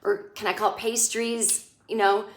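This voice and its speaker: A woman's voice: mid-range voice, little pitch movement, moderate pace. A middle-aged woman giving a comedic recap of a TV episode, sarcastic and ranting, often mocking the characters' lines. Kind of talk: casual comedic monologue. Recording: echoey room.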